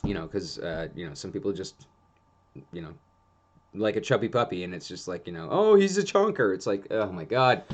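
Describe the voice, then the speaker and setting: Rambling low-voiced man giving dog advice. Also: brisk. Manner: rambling and frank, heavy on fillers. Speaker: dog behavior educator, former groomer. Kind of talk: casual instructional talk.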